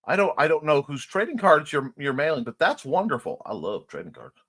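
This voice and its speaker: A man's voice: a little high, sing-song, fairly quick, a bit bright, slightly rough. A man hosting a casual morning livestream, chatting playfully and reading viewers' comments aloud. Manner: chatty, playful, reads chat messages aloud. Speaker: host.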